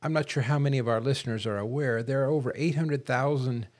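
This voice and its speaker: A man talking casually about politics on a podcast, measured and wordy, and he often clears his throat. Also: mid-range voice. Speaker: podcast co-host.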